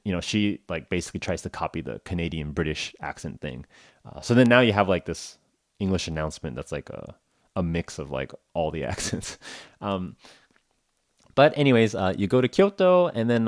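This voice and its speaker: A man's voice: sits low, sing-song, a little fast, no room sound, clean studio sound. A man hosting a casual English-learning podcast, talking in a rambling, jokey way full of "like" and "uh". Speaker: podcast host.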